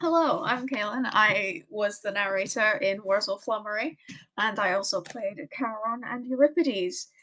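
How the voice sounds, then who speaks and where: A woman's voice: medium pitch, normal speed, pushed and bright, rough recording. A woman in the cast, chatting in a bubbly, joking way after the show. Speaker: cast member. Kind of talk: casual chat.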